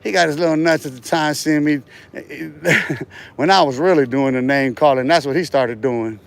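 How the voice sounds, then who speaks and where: High-voiced, profane rambling man. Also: normal speed, vocal fry. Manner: profane, boastful, laughs between remarks; trails off and restarts words often. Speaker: livestreamer. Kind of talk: rambling casual livestream talk.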